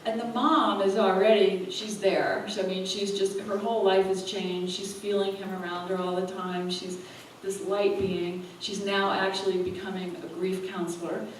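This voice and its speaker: Woman, animated storyteller at a live talk; distant mic, echoey hall. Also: mid-range voice, normal speed, few pauses. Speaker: spiritual teacher and speaker. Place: event hall. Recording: echoey hall, from far off, faint room noise.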